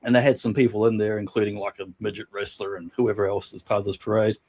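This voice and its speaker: A man co-hosting a casual podcast, reading and retelling funny anecdotes from a book, laughing often and doing quick voices for quotes. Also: fairly low pitch. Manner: laughs often while telling stories, animated voices for quotes. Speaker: podcast co-host.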